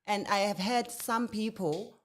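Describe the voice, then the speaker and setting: A woman's voice: medium pitch, measured pace. Thoughtful South African woman co-host. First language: Zulu. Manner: thoughtful, hesitant with uh and restarts, uses proverbs. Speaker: podcast co-host. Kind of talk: casual chat. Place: podcast recording in Britain.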